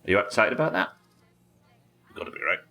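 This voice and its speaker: A man's voice: sits low, very animated, fast, bright, forceful tone. A British man streaming a game live, chatting casually with viewers, reading out their messages and swearing freely. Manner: chatty, swears, reads chat aloud. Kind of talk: casual gameplay chat.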